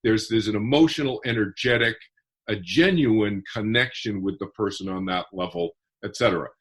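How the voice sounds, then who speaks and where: A man's voice: fairly low pitch, moderate pace, a bit bright, husky. A man who is a guest author on a podcast, explaining his ideas earnestly and step by step. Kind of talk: podcast interview.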